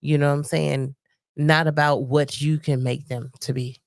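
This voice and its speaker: A woman's voice: deep voice, fairly even intonation, normal speed, gravelly, no room sound, studio quality. Emphatic woman, casual podcast chat. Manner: emphatic, repeats "you know what I'm saying". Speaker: podcast co-host.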